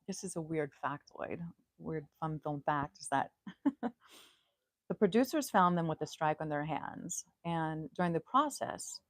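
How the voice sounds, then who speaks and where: A woman hosting a live stream in a casual, chatty way, giggling often and throwing in loud, swearing asides. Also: low-pitched, no echo, low-quality recording. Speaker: host.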